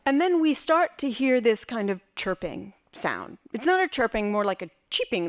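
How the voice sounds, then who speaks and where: A woman from West Berlin performing a personal story live, in an animated, vivid and playful way. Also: fairly high pitch, moderate pace, hardly any pauses. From West Berlin, Germany.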